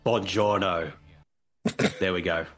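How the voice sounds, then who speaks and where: A man's voice: sits low, fairly even intonation, takes it slowly, fairly bright tone, faint music behind. A man doing a goofy impression of a famous Australian actor, bragging in a mock Australian accent. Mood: boastful. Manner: boastful, goofy bravado.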